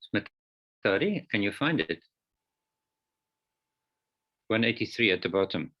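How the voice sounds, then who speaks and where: Low-voiced male lecturer, patient step-by-step explainer, dull lo-fi call audio. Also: very animated, takes it slowly. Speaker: Greek lecturer. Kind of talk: online class teaching.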